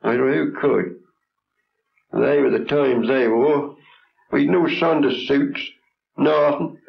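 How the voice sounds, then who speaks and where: A man in his seventies with a reminisces, blunt and plain-spoken, in short broken phrases. He talks at an unhurried, drawn-out pace. The sound is dull, like old 1960s film audio. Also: medium pitch, creaky. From England. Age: 70s. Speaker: traditional folk singer. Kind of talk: reminiscing in an interview.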